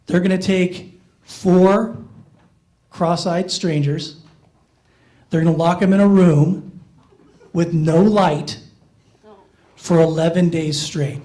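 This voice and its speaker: A middle-aged male comedian with a high, light voice that he says is not very masculine. He tells self-mocking stories and quizzes the crowd in a stand-up set on a playhouse stage. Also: fairly even intonation, takes it slowly, long pauses, warm tone. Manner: self-mocking, talks with the audience.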